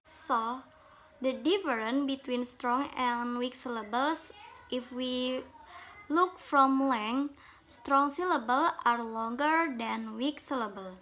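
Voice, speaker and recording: A woman's voice: high-pitched, fairly bright tone. A woman giving a carefully read presentation on syllables, speaking in English that is not her first language. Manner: slow, careful, reads from notes, non-native English grammar. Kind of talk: reading a phonology presentation.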